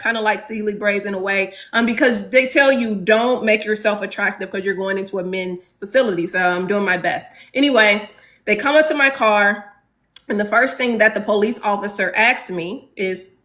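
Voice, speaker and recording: A woman from Chicago's South Side in her thirties, earnestly telling a class a personal story and pausing on rhetorical questions. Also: mid-range voice, fairly bright tone. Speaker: teacher leading a class discussion.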